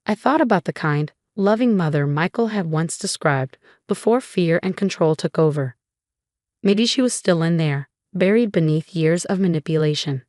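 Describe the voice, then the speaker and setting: Woman, first-person story narration, steady, lowish pitch, dry. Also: moderate pace, no echo.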